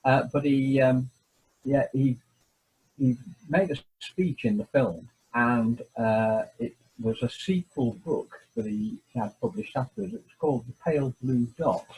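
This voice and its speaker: Mellow-voiced man on a video call. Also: medium pitch, unhurried, slightly rough, rough recording. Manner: hesitant, many fillers and restarts. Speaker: guest, former mayor. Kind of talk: casual interview, reading a quote aloud. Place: home, remote video call.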